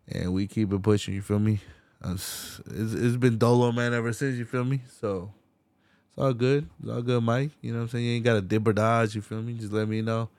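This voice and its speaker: A young man hosting a solo podcast, talking in a laid-back, slangy, heavily swearing way and getting animated when he retells movie scenes. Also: fairly low pitch, fairly quick, dry recording. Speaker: podcast host. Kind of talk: casual solo podcast rant.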